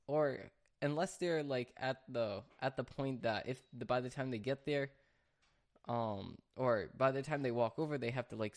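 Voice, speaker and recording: A man who works at a restaurant, talking casually with many fillers and restarts, venting in an exasperated rant. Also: medium pitch. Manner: rambling, frequent fillers and restarts. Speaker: restaurant worker. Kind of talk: casual talk to camera.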